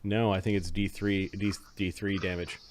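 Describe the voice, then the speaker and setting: A man's voice: low-pitched, little pitch movement, normal speed, slight background noise. A man narrating a tabletop game as game master, talking animatedly with frequent restarts.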